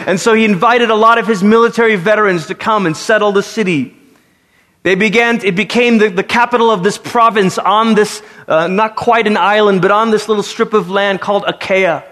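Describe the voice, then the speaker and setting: A man preaching a sermon in a conversational, animated way, with casual asides to the congregation. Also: high-pitched, fairly quick. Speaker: pastor. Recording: long hall reverb.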